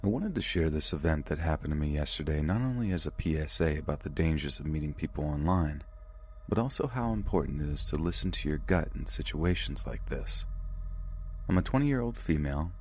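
Speaking in a rumbling low voice, this man narrates submitted true horror stories for a podcast, in first person and with a calm, measured delivery. A faint hiss or hum runs under the recording.

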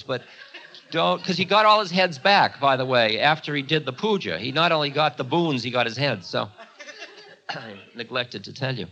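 A man's voice: on the high side, sharp tone, muffled recording, a little hiss or hum. A man from the United States telling an old story in a chatty way, full of asides. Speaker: spiritual teacher. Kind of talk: storytelling talk.

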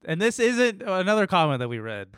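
A man's voice: high voice, very animated, a little fast, a bit bright, clear, resonant tone, no room sound, clean studio sound. A man co-hosting a podcast, teasing his friend playfully with bursts of laughter. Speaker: podcast co-host. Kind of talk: casual comedic chat.

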